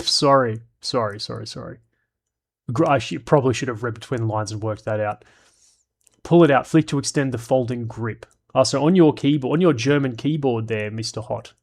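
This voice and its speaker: A man streaming live, reading chat comments aloud and giving blunt, profane opinions in casual chat. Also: medium pitch.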